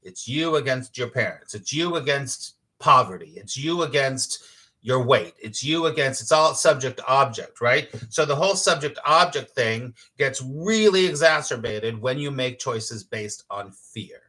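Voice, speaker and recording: A man hosting a casual spiritual talk, reading comments from his audience, emphatic and quick to laugh, sometimes swearing. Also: medium pitch. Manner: animated and emphatic, laughs easily, acts out inner voices. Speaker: spiritual teacher hosting a live morning show.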